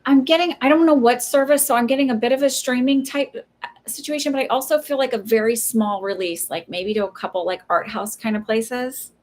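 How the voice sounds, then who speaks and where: A woman's voice: a little high, brisk, a little mellow. Chatty woman giving hesitant psychic readings. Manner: hesitant, many fillers, chatty asides to viewers. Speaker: psychic reader on a livestream. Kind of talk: casual live reading, answering viewer questions.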